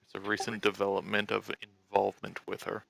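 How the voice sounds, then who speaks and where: A man's voice: fairly low pitch, monotone, brisk, creaky, a bit bright, low-quality recording. A man playing a tabletop game, speaking in a matter-of-fact way. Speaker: player.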